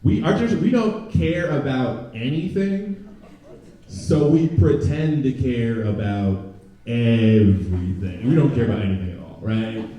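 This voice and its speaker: A young man performing a stand-up comedy set, chatting with the crowd and jumping into loud mocking voices. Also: mid-range voice, lively intonation, measured pace, dull audio. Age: young adult. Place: comedy club stage before a live audience. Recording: very echoey room, from a distance.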